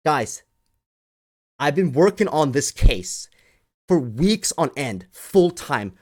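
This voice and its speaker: Exasperated male video ranter; sarcastic, animated delivery. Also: on the high side, slow, pauses often. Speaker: crypto commentator. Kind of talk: ranting video monologue.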